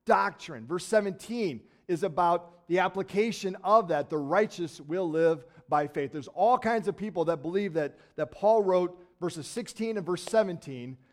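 Enthusiastic conversational male pastor preaching. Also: high-pitched. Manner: conversational and enthusiastic, with asides and quick bursts of excitement. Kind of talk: sermon. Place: church sanctuary.

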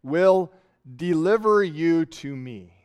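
A man's voice: a little high, expressive, slow pace, clean tone. A man voicing a young shepherd boy whose voice has not yet changed, answering back defiantly. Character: small shepherd boy with unbroken voice.

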